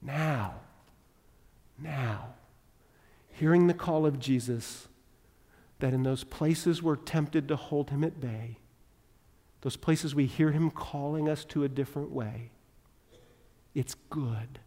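A male pastor delivers a sermon in a church, his voice sitting a little high for a man. He swings between loud, emphatic preaching and hushed, intimate appeals. A long hall reverb trails each phrase. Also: slow, long pauses. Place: church sanctuary.

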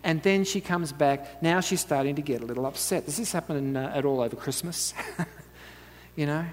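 A man delivers a relaxed, conversational sermon, mixing storytelling with light asides and frequent chuckles. He keeps drawing the audience in with quick questions. The sound has a long reverb, like a large church hall. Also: fairly high pitch, slight background noise. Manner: chatty, asks the audience "right?", laughs often. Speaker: preacher.

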